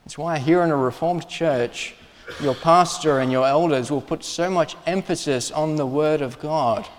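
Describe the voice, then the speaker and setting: A man preaching a sermon in a church, earnest and emphatic, with pauses and restarts. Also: fairly high pitch, in a large hall, slight background noise. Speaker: pastor.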